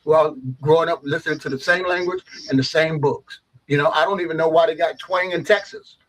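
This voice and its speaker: A man's voice: a little high, steady tone, brisk, fairly bright tone, low-quality recording. A middle-aged man hosting a radio talk show, rambling and opinionated, peppering his talk with "you know what I'm saying.".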